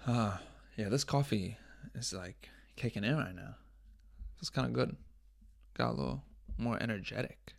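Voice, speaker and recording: Gravelly young man rambling on a podcast. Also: medium pitch, moderate pace, long pauses, dry recording, clean studio sound. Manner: rambling, profane, jokey, drifts between loud bits and mumbling. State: coughing, clearing his throat. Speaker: podcast host. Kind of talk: casual solo podcast monologue. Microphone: studio microphone up close.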